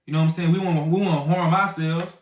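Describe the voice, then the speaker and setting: Guy teaching bible stuff real casual, kinda high voice, echoey room, keeps saying you know what im saying. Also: fairly even intonation, quick pace. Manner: conversational, loose street talk with many "you know what I'm saying"; acts out quarrels in raised, shouting voices. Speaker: teacher of a congregation.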